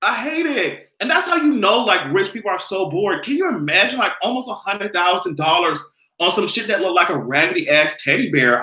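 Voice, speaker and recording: A man on a live stream, ranting loudly and animatedly with lots of profanity. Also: fairly high pitch, lively intonation, unhurried, reverberant. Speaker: vlogger.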